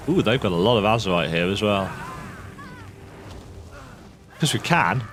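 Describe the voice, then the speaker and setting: A let's-player with a fairly low, expressive voice talks fast through a video game, thinking aloud and reading the game's text as he plays. It's casual gameplay commentary, with music in the background.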